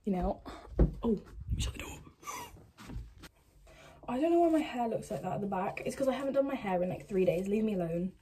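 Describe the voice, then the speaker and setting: A woman's voice: medium pitch, lively intonation, fairly quick, long pauses, noisy background. A woman chatting casually to camera as a vlogger, rambling to herself while getting ready at home. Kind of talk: casual vlog chat. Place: at home, indoors.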